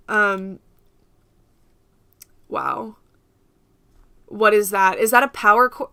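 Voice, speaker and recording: Bright, chatty young American woman streamer. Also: on the high side, sing-song, takes it slowly, long pauses, smooth, no echo, studio quality. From United States. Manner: chatty and rambling, laughs often, talks to viewers. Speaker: livestream host. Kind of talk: casual livestream chat.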